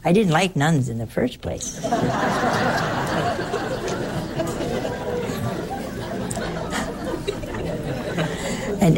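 An older woman, a nun, tells a personal story in a rambling, conversational way, often restarting her sentences. Her voice is deep and gravelly.

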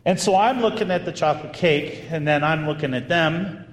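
A man, a priest, telling a story in a sermon in an animated, conversational way with bursts of emphasis. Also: a little high, normal speed. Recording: echoey hall with long reverb.

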